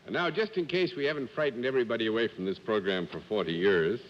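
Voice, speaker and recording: A man's voice: medium pitch, fast talker. A man hosts a 1950s panel game with formal, courtly phrasing and a mock-stern edge. The old broadcast sound is dull and narrow, with a long reverb from the studio and a faint hiss. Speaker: host.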